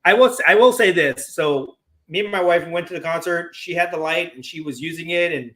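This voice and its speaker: A man's voice: fairly high pitch, a little fast, a bit bright. A man co-hosting a casual card collecting livestream, telling stories in a rambling, stop-start way with many fillers. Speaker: co-host of a card collecting show.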